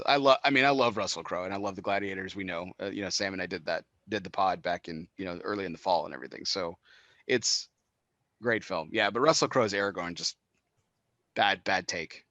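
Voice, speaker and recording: Man, podcast host, rambling casual talker, bright close dry sound. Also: sits low, fast talker, no room sound, highs cut off. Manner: chatty, rambling, laughs a lot. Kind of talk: casual chat. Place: indoors, cigar podcast set.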